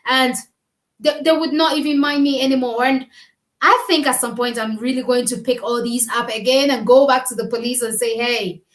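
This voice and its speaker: A woman's voice: high voice, steady tone, a little fast. A woman co-hosting a casual chat, talking earnestly and emphatically, often repeating her words. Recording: echoey room.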